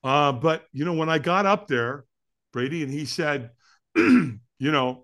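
A man who is a podcast guest, telling a story in an excitable way, acting it out with sound effects and laughs. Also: fairly high pitch, measured pace. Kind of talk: animated storytelling.

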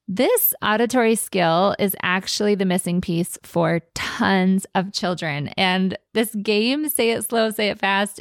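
A woman's voice: mid-range voice, no echo, studio quality. A woman hosting a podcast, explaining in a casual teaching tone and stretching out words for emphasis. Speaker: podcast host.

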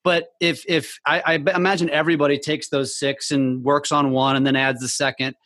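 Halting, thoughtful male co-host. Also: fairly high pitch, little pitch movement, fairly bright tone, dry recording. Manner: thoughtful, halting, restarts mid-sentence. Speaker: podcast co-host. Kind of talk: casual interview chat.

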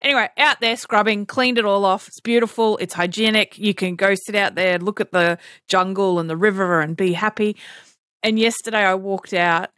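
An Australian woman co-hosting a podcast, chatting casually and telling animated stories, often laughing and acting out other people's voices. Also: mid-range voice, a little fast, few pauses, dry recording, studio quality. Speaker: podcast co-host. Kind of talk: casual chat.

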